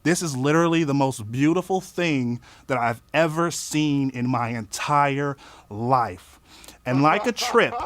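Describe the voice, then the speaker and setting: A man casually telling a personal story in an animated way, swearing often and acting out what he said at the time. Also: mid-range voice, measured pace. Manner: animated, swearing, acts out his own quotes. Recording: faint music underneath.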